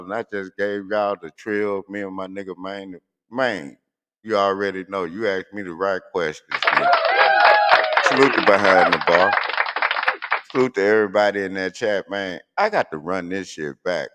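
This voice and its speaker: A man's voice: deep voice, a bit bright, clear, resonant tone. A man, hosting a radio show and ranting casually on air with loose, profane emphasis.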